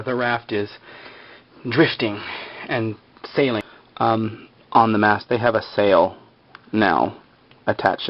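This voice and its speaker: A man casually retelling a TV episode, rambling with lots of filler words. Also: medium pitch. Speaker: episode recapper. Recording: slightly muffled lo-fi recording.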